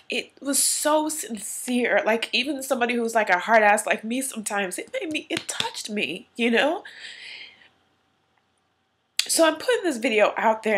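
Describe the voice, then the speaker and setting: A woman's voice: a little high, slightly rough. A woman vlogger earnestly telling a personal story, tearful at times, in a casual, heartfelt way. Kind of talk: emotional personal story to camera.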